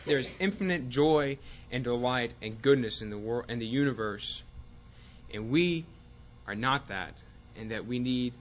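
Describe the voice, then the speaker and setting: Guy teaching bible class, bright tense voice, lots of ums, reads passages louder, bit muffled. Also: medium pitch. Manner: halting, with frequent fillers and restarts; reads quoted passages with more force.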